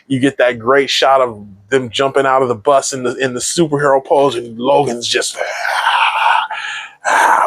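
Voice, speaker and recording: A man's voice: mid-range voice, no room sound. Enthusiastic rambling man reviewing a movie. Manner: enthusiastic, rambling with frequent restarts. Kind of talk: casual solo movie review.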